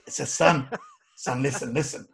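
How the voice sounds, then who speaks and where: A man who works as a life coach gives an emphatic motivational talk, telling personal stories in animated, non-native English phrasing. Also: mid-range voice, moderate pace, vocal fry, a little hiss or hum.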